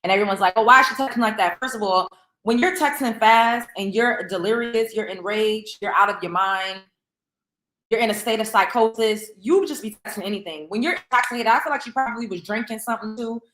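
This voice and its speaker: A woman's voice: a little high, brisk, a bit bright. A middle-aged woman hosting a casual celebrity gossip commentary, emphatic and opinionated, repeating points for stress. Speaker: show host. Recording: roomy echo.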